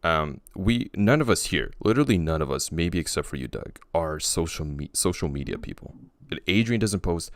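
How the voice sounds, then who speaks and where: A man hosting a casual podcast, teasing his co-host and guests and jumping up in pitch for emphasis. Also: very animated, normal speed, no echo, studio quality. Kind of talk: casual chat.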